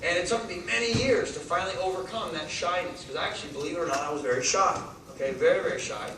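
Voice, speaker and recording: Fired-up guy pumping up a crowd, kinda high voice, far off mic in a super echoey hall w/ noise. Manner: energetic, rapid-fire, asks the crowd questions. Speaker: network marketing speaker. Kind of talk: motivational talk to a live audience. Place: large meeting hall.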